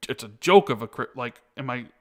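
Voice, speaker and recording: A man's voice: medium pitch, animated, a little fast. A man hosting a casual podcast, easygoing as he reads out and answers viewer comments from the live chat.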